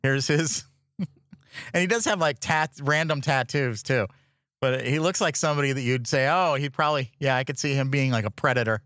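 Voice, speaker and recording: A man's voice: medium pitch, moderate pace, fairly bright tone, no room sound, studio quality. A man hosting a podcast, chatting casually, laughing often, and introducing clips. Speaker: podcast host. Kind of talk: casual chat reacting to clips.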